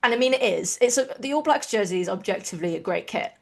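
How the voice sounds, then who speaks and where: An English woman from the East Midlands with a mostly neutral, slightly mixed accent, co-hosting a rugby podcast in an opinionated, animated chat. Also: medium pitch, gravelly. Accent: neutral English with a mixed regional touch. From England, East Midlands. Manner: opinionated, animated, quick asides. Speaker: podcast co-host. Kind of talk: casual chat.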